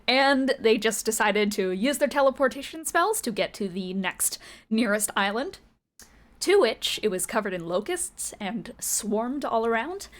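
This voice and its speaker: A woman's voice: fairly high pitch, lively intonation, moderate pace, fairly bright tone. A woman running a tabletop game as game master, moving from a casual, giggly recap full of swearing into descriptive narration.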